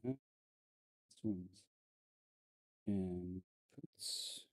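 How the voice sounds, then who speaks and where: A man's voice: medium pitch, lively intonation, a little slow, mellow, no room sound, studio quality. A man with a South African accent, chatting casually on a live stream, hesitant with many ums and repeated words.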